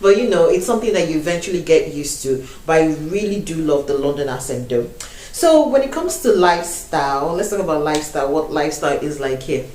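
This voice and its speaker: A young woman with a Nigerian accent talks to her camera in a chatty, laughing way, now and then dropping into Pidgin. Her voice sits a little low. She is recorded at some distance from the mic in a room with a clear echo. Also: darkish tone, slight background noise. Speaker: vlogger. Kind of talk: casual vlog talk to camera.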